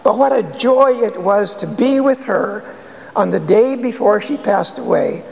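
A man's voice: high-pitched, measured pace, vocal fry, a little mellow. A man preaching an earnest sermon as pastor, pressing rhetorical questions with emphasis, recorded in a church sanctuary. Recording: long hall reverb.

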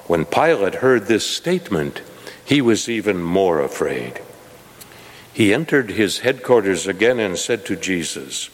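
Slow, solemn man reading scripture. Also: on the low side, sing-song. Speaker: scripture reader. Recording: long hall reverb.

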